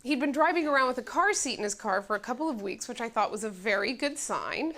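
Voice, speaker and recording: A woman comedian delivers a one-woman comic monologue in a slightly high voice. She tells her story with wry, animated timing. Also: quick pace.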